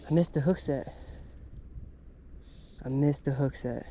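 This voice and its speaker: A young man talking casually and excitedly to an action camera, outdoors on the water. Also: mid-range voice, unhurried, background noise. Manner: excitable, hyped, slangy. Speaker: fishing vlogger. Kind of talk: casual vlog commentary.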